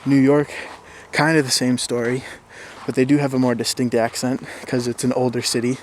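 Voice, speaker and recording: A young man with a Minnesotan accent, talking casually to his viewers in a relaxed, rambling way with plenty of fillers. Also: medium pitch, moderate pace, slight background noise. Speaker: YouTuber. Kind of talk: casual talk to camera.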